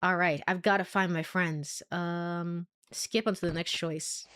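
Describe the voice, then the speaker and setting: A woman's voice: on the low side, steady tone, unhurried, few pauses, a bit bright, a little hiss or hum. A young woman streaming a game, chatting casually and laughing often. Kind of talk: casual gameplay commentary.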